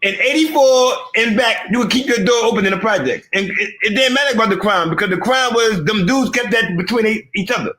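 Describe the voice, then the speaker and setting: Insistent high-voiced man, echoey room. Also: brisk, few pauses, sharp tone. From New York. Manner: insistent, rambling, keeps restarting sentences. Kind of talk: heated debate.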